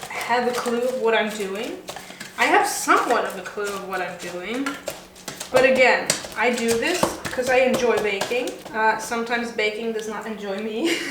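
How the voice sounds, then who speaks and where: In a roomy home kitchen with background noise, a chatty young woman from Sweden bakes and talks for her vlog. She rambles playfully and pokes fun at herself, her voice on the high side.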